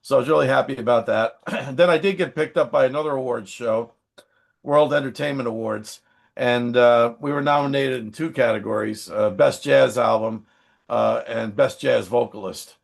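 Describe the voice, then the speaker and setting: A man who sings and acts, telling chatty, animated anecdotes in a casual interview. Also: mid-range voice, moderate pace, gravelly. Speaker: singer, songwriter and screen actor.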